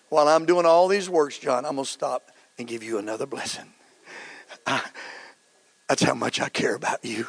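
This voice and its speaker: A middle-aged man preaching a sermon as pastor, fervent and building to shouts. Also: medium pitch, normal speed, vocal fry, long pauses. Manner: fervent, rising to shouts, acts out quotes.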